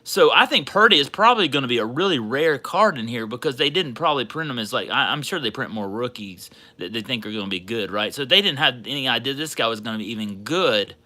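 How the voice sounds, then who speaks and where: Guy on a card stream, real bright voice, bounces all over in pitch, gets hyped easy. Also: quick pace, few pauses. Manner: excitable, hollering and laughing over a big pull. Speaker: sports card livestream host. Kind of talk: casual livestream chat.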